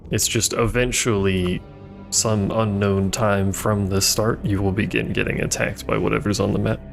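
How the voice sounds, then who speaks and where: A man's voice: fairly low pitch, level tone, normal speed, creaky, faint music behind. A man streaming a video game, chatting casually with rambling, playful asides. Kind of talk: casual gameplay commentary.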